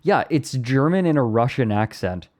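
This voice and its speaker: A man's voice: medium pitch, lively intonation, normal speed, crowd noise. A man live streaming who chats casually, rambling and amused with himself. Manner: rambling, self-amused, breaks into laughter.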